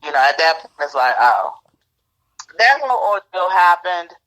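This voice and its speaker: Low-voiced woman telling a personal story. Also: normal speed, low-quality recording. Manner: acts out quoted dialogue in lively retelling. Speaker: guest telling her relationship story.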